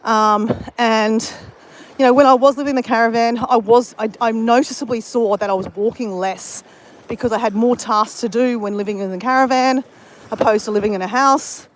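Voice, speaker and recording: Australian woman, casual live chat, rambling, fillers, a bit high voice, faint traffic noise. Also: steady tone, moderate pace, rough recording. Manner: rambling, many fillers and restarts; exercising while talking. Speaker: vlogger.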